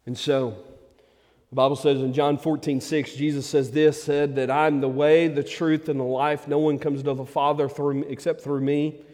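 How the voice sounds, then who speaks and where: Male pastor, high-pitched, preaching in a church hall with long reverb; emphatic and then hushed by turns. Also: flat delivery, moderate pace. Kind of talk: sermon. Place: church sanctuary.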